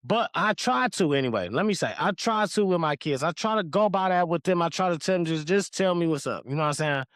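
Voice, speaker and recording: Laid-back Detroit man, smooth voice. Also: a little high, animated, brisk, a bit bright, no room sound, studio quality. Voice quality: laid-back, storytelling, swears freely. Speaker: podcast co-host. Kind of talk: casual podcast chat.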